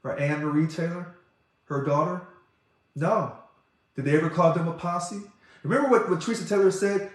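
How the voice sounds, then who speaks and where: A man speaking as an organization president in an impassioned monologue, talking fast and loud when he gets excited. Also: fairly high pitch. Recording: very echoey room.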